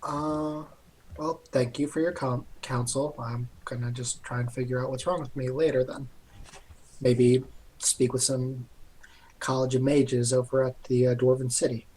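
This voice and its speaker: A man's voice: mid-range voice, flat delivery, a little slow, darkish tone, slightly rough, poor audio. A man playing in a tabletop game, arguing and betting in character in casual talk. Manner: in-character, argumentative, laughing. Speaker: player.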